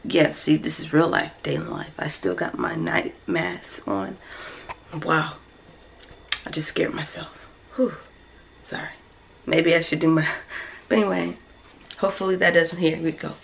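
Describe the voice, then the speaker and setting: A woman whispering her casual, rambling morning vlog in a dark home kitchen, phone camera held close. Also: deep voice, a little slow, creaky, pauses often, rough recording. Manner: whispering softly so the kids sleep; chatty, rambling, self-conscious. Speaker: vlogger, mother of four.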